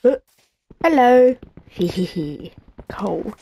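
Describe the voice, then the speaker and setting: A woman's voice: medium pitch, measured pace, a little mellow. A woman giving casual, rambling commentary while playing a video game at home, talking to herself with lots of fillers. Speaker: gameplay video creator. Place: home on a busy street. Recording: street traffic noise behind. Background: passing trucks.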